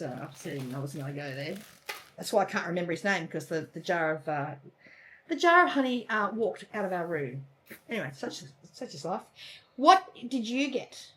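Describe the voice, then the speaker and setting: A woman's voice: mid-range voice, a bit bright, a little hiss or hum. A woman co-hosting a casual crafting chat, gushing and chatty, often trailing off mid-sentence. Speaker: co-host of a cross-stitch channel.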